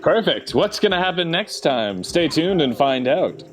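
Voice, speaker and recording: A man's voice: on the high side, very animated. Laughing man co-hosting a game video. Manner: laughing, quick backchannel reactions. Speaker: co-host of a gaming channel. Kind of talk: casual gaming chat. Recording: game music behind the voice. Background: video game music.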